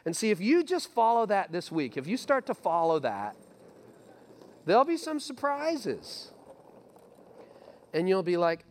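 A middle-aged man preaching a sermon as pastor, animated and repetitive, acting out his listeners' inner voices. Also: high voice, a little slow, pauses often.

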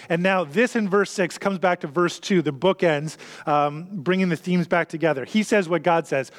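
Brief: male pastor, high voice, earnest sermon with repetition, long hall reverb. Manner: earnest, repetitive preaching with slowed emphasis.

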